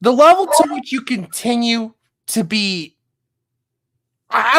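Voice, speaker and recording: A woman in a voice chat, speaking in an impassioned, lecturing way and piling up repeated questions. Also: high voice. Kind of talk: heated voice chat confrontation.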